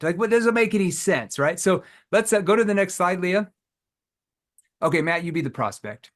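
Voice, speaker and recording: A man's voice: high-pitched, animated, measured pace, fairly bright tone. A man teaching a live virtual sales training, asking the audience rhetorical questions and acting out sales calls in role-play.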